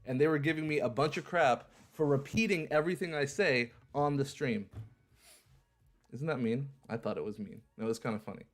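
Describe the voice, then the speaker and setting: A man's voice: mid-range voice, brisk. Upbeat man hosting a livestream. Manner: repeats phrases, upbeat auctioneer-style delivery. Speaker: livestream host. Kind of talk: casual livestream chat.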